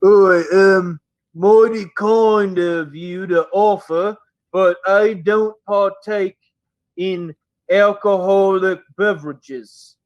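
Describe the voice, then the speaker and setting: A man voicing a shy, gentle male ogre who reads books and speaks slowly and politely. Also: sits high, steady tone, dull audio, voice pushed up. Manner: slow, polite, soft-spoken.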